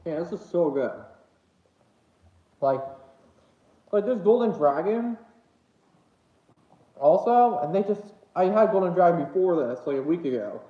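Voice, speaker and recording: A man rambles through an eating livestream in a slightly high, lively voice, full of ums and restarts and a little out of breath. The sound is dull and lo-fi, bouncing around an echoey room at home. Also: measured pace, long pauses. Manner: rambling, hesitant, many fillers. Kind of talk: casual eating livestream chat. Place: home room with dogs nearby.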